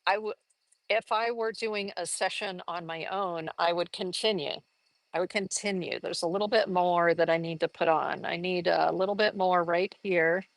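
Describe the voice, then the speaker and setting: A woman's voice: fairly low pitch, fairly even intonation, moderate pace, no echo. A woman giving a live art lesson, chatting enthusiastically and thinking aloud as she works on a collage. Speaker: art teacher.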